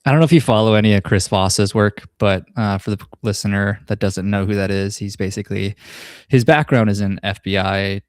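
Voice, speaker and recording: A man hosting a podcast in relaxed, rambling chat, swearing casually. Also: fairly low pitch, fairly quick, no room sound, studio quality. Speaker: podcast host.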